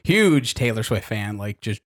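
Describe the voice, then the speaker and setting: A man's voice: fairly low pitch, big pitch swings, unhurried. A man on a casual podcast, telling a long story with frequent swearing and laughter. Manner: swears freely, laughs through his story. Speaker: podcast co-host.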